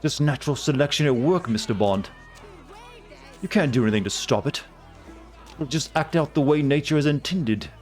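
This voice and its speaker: A man's voice: medium pitch, lively intonation, moderate pace, long pauses, a little mellow, faint music behind, pitched above the performer's own voice, natural voice. A man doing a smug movie villain. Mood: gloating.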